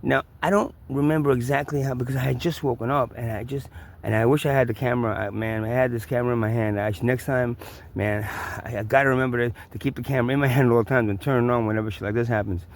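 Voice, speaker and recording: Fast and creaky, with a steady tone and a mid-range pitch, a man vlogs a personal story in a New York accent. The telling is casual, rambling, and profane, full of restarts and repeats.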